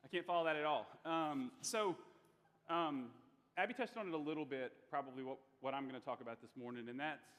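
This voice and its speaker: A young man gives a youth talk, nervous and chatty with halting restarts. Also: fairly high pitch, fairly bright tone, big-room sound. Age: young adult. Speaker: youth speaker. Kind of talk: youth sermon.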